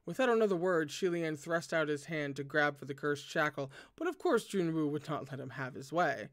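High-voiced guy reading a book out loud, stops to react and swear, chatty. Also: lively intonation, moderate pace. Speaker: book reader. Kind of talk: reading a novel aloud with casual commentary.

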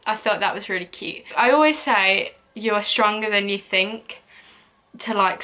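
A woman's voice: mid-range voice, sharp tone. A young woman chatting casually in a Q&A vlog, rambling and giggling as she answers. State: out of breath. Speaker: YouTuber.

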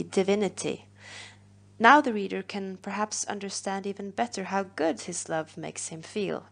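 A woman teacher, patiently explaining a poem in a recorded literature lesson, pausing on fillers. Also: medium pitch, gravelly.

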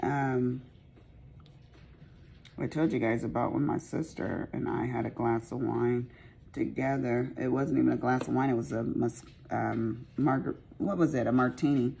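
A woman's voice: a bass voice, fairly even intonation, normal speed, creaky, mellow, a little hiss or hum. A woman chatting casually while she crafts, rambling and poking fun at herself. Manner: rambling, chatty, self-mocking. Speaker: craft vlogger.

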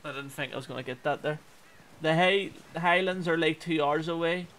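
A young man with a Belfast accent talks casually through a video game. He chats with viewers and breaks into exclamations at what happens on screen. His voice is bright and sits a little high, with a faint hiss behind it. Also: fairly even intonation, normal speed. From Northern Ireland. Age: 20s. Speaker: gaming streamer. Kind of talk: casual gameplay commentary chatting with viewers.

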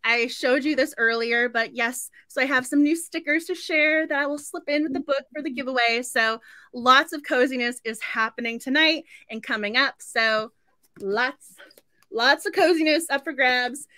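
Bright high-voiced chatty woman host. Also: moderate pace, dry recording, studio quality. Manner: chatty and effusive, laughs often. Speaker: book club host. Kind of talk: casual live-stream chat.

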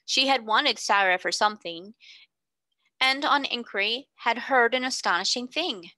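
Brief: woman audiobook narrator, bright and crisp, steady pace, close dry recording. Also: fairly high pitch, moderate pace, dry recording. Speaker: reader.

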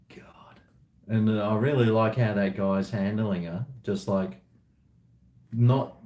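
A man's voice: fairly low pitch, takes it slowly, long pauses, dark tone. A man chatting casually and bluntly on a live stream, swearing freely and rambling between topics. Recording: echoey room.

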